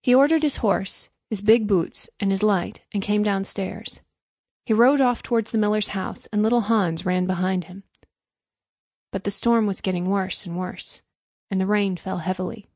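Woman narrating a storybook, mid pitch, measured and clear, dry close sound. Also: a little mellow, no echo.

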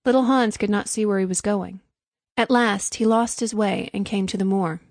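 A woman's voice: medium pitch, steady tone, normal speed, no room sound. Woman reading a storybook, dry. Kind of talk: storybook narration.

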